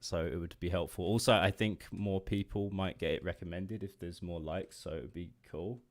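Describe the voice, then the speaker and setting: An English man in his late twenties talks through a livestream as he works, in a slightly low voice. He rambles and loses his thread, laughs often and swears offhandedly as he chats. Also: steady tone, moderate pace. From England. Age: late 20s. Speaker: indie game developer streaming. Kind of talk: casual livestream chat while drawing.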